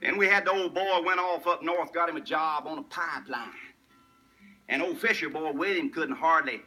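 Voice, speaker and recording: A man's voice: a little high, normal speed, sharp tone, faint music behind, low-quality recording. An older man with a rural West Tennessee accent, telling folksy tall tales and chuckling at his own punchlines. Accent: Southern US, rural West Tennessee. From Tennessee, USA. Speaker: storyteller. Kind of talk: folksy humorous storytelling.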